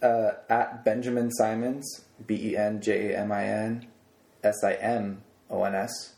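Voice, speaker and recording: Low gravelly young man on a podcast. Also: flat delivery, measured pace, darkish tone. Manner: laid-back, slangy, laughs easily. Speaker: podcast co-host. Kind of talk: casual podcast storytelling. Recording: roomy echo.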